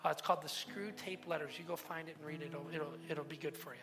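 A man's voice: a little high, fairly even intonation, fast talker. A man preaching earnestly in a church room, retelling a story and leading a prayer. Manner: earnest, repeats words, storytelling. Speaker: pastor. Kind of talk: sermon with closing prayer. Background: faint guitar.

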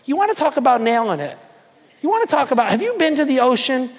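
A man's voice: extremely high pitch, very animated, fast talker, big-room sound, voice pushed up, exaggerated voice. A man voicing God who teases a boastful person, in a mock-challenging, rising voice. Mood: teasing challenge.

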